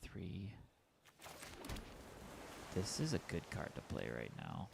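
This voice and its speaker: A low-voiced man with a gravelly edge commentates a card game on stream, chatting with viewers and thinking out loud about his plays. His delivery swings lively up and down. A steady hiss of background noise sits under the voice. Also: normal speed. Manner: chatty, talks to chat and mutters through his plays. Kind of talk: casual commentary while playing a card game.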